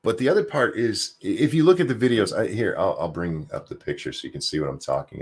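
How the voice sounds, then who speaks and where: Lively low-voiced male stream host. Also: fast, few pauses, breathy edge. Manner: animated, sarcastic, jumps high in pitch for jokes. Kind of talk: casual livestream chat, reading viewer comments.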